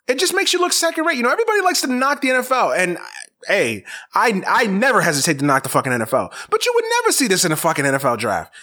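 A man's voice: sits high, sharp tone. A man hosting a casual sports talk show, ranting in an exasperated, profane way and repeating his points. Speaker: sports podcast host.

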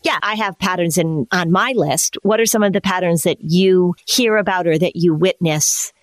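A woman's voice: fairly low pitch, moderate pace, dry recording. A woman in her fifties co-hosting a podcast, who talks thoughtfully and keeps asking her guest questions. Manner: inquisitive, thoughtful, asks follow-up questions. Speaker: podcast co-host. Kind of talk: casual conversation.

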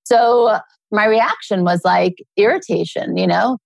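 A middle-aged woman, a guest author, talking earnestly in a relaxed interview and telling personal stories. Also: medium pitch, unhurried, creaky, no room sound. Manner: earnest, storytelling with acted quotes.

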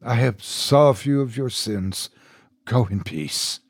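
A man's voice: mid-range voice, slow pace, gravelly, breathy edge, no room sound, clean studio sound, heavily acted. A man voicing a frightened priest who whispers unsteadily while hearing a strange confession. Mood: shaken. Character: shaken, scared male priest hearing confession.

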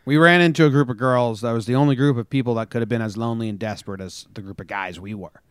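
A man's voice: mid-range voice, quick pace, clean tone, no room sound. Casual man rambling through a story. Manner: rambling storyteller, chuckles often. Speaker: podcast co-host. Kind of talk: casual chat.

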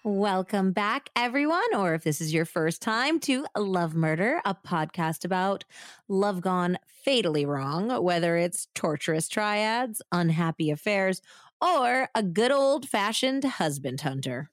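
A woman's voice: medium pitch, expressive, measured pace, no room sound, studio quality. Woman narrating true crime with drama. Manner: dramatic storytelling, playful banter. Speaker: podcast co-host and storyteller.

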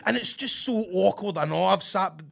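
A man's voice: high voice, moderate pace, creaky. A Scottish man co-hosting, telling a cinema story in casual, sweary chat. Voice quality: swears freely, animated storyteller. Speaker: co-host.

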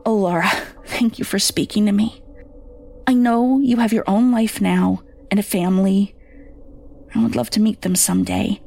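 A woman's voice: mid-range voice, creaky, mellow, slight background noise. A woman voicing a tearful, remorseful middle-aged mother who pleads and sobs. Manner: pleading, sobbing.

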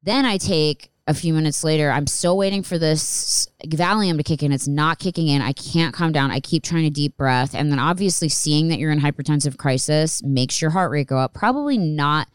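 A woman's voice: low voice, moderate pace, hardly any pauses, clean tone, no echo. A woman in her thirties telling a personal story in a candid, rambling way and swearing freely. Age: 30s. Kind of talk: casual storytelling monologue.

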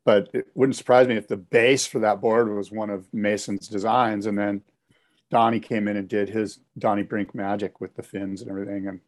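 A man co-hosting a casual chat, talking in a relaxed, rambling way with plenty of fillers. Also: lowish voice, normal speed.

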